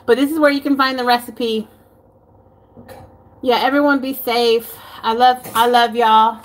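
A woman with a Texan accent and a fairly high, steady voice chats casually and a little slowly in her home kitchen for a cooking vlog. The vlogger rambles, giggles and curses now and then.

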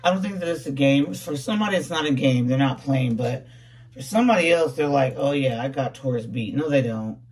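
A tarot reader in a casual reading, voice going a bit hoarse, talking in a playful, slangy way with lots of repeated words and "okay?". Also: mid-range voice, expressive, a little fast, darkish tone, distant mic. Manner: jokes about putting on a fake accent.

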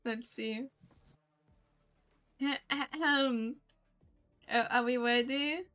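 Girl streamer goofing around mid game, high voice, takes her time, hums little nonsense bits. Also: fairly even intonation, very slow, fairly bright tone. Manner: playful, hums and sings nonsense syllables. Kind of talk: casual chat while gaming.

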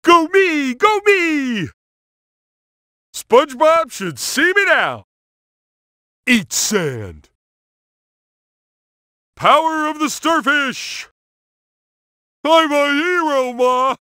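An actor playing a dim, cheerful cartoon starfish who plays at being a superhero, with a goofy, childlike and emphatic way of talking. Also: male voice, very high voice, sing-song, drawn-out words, long pauses, pushed and bright, no room sound, clean studio sound, full character voice. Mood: combative. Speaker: video game character. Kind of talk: cartoon game voice clips.

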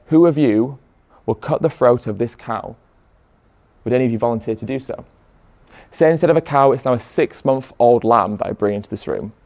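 A man's voice: mid-range voice, mellow. A young man giving a motivational speech to an audience, pressing them with rhetorical questions. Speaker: activist speaker.

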